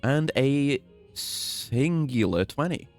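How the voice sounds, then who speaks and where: A man's voice: mid-range voice, lively intonation, slow pace, faint music behind. A man streaming a game, commentating casually with playful, jokey trash talk.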